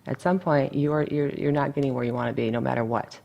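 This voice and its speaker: Woman, dietitian, gravelly voice, blunt, chatty interview talk. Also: very deep voice, steady tone, fast, highs cut off. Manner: blunt, chatty, full of asides. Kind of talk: casual interview.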